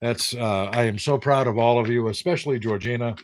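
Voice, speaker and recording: A man's voice: medium pitch, fairly quick, a little hiss or hum. An older American man hosting a live trivia stream, casually teasing viewers and reading out their answers with sarcastic banter. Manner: teasing, sarcastic, reads viewer names aloud. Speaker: livestream trivia host.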